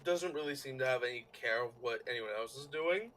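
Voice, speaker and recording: A man narrating as game master of a tabletop game, in a halting way with many fillers and restarts. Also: mid-range voice, fairly bright tone, slight background noise, low-quality recording.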